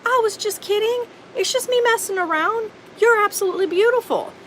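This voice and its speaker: Smug leery guy woman doing him squeaky and mocking, talking way up high. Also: fairly quick, a bit bright, slight background noise, low-quality recording. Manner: high, mocking, falsely placating. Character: smug leering man brushing off criticism.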